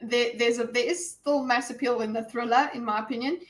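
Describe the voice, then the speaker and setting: A woman leading a casual group chat about films, with a slightly higher voice. She is animated and bursts into mock quotes to make her point. She comes through a video call. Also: brisk. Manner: animated, acts out quoted lines. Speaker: discussion host. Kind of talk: casual online group discussion.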